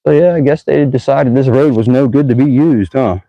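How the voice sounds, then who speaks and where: Riding a bike through town, a man vlogs outdoors to a bike-mounted camera, chatting and musing aloud in an easygoing way. His mid-range voice is gravelly and a little fast, and the recording is dry and dull.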